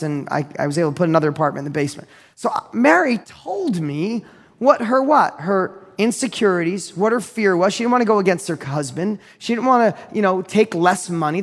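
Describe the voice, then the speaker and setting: A man giving a motivational business talk, telling a deal story in an energetic, direct, repetitive way. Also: sits high, long reverb tail. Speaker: real estate investor and business speaker.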